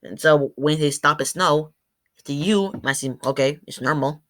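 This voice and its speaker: Woman giving a halting class presentation. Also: low-pitched. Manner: halting, stumbles and corrects words; demonstrates sounds aloud. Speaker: student presenter.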